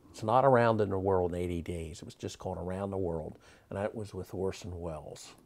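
A man's voice: deep voice, brisk, darkish tone. A man, a magic historian, telling anecdotes in an interview, rambling with many fillers. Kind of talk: interview storytelling.

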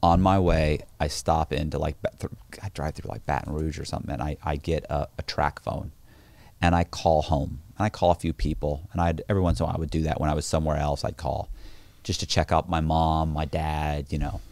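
A man with a very low voice tells a story in a relaxed, conversational way, breaking off and restarting his sentences. He slips into other people's voices when he quotes them, and the sound is close and dry. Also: a little fast, gravelly, no echo. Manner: loose, restarting phrases. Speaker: podcast guest. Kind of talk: casual storytelling.

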